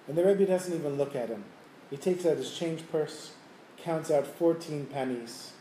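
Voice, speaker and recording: A man telling a Hasidic story to a class, lively and chuckling, in a room with listeners. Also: fairly high pitch, normal speed, slight background noise. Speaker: Torah teacher. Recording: roomy room, faint ambience.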